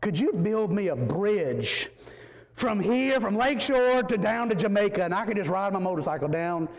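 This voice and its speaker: An ordinary man afraid of flying, played by a preacher, earnestly asking for a wish in a fairly high voice. The sound carries through a roomy church hall with a long reverb. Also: animated, moderate pace. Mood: hopeful. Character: beach-loving man afraid to fly, hopeful.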